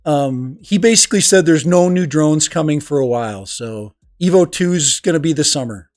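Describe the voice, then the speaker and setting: A man's voice: on the high side, animated, normal speed, a little mellow, no echo. Guy running a home livestream, chatty, laughs a lot, dry close mic, little beat in the back. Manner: rambling, laughs often, talks to chat. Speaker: livestream host and teacher. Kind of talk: casual livestream chat reading comments. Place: home room. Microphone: desk microphone. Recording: dry close sound with music behind.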